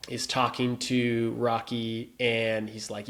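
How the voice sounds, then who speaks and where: A man's voice: mid-range voice, moderate pace. A man co-hosting a podcast in casual chat, arguing his points with frequent restarts. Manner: argumentative, hesitant restarts. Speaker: podcast co-host.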